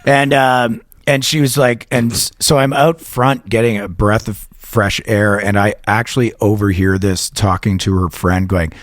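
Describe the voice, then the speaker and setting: A man's voice: on the low side, fairly even intonation, a little slow, few pauses, no echo, studio quality. A man hosting a casual talk show, rambling through crude anecdotes, laughing at his own stories and mimicking voices. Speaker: podcast host. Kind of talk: casual storytelling chat.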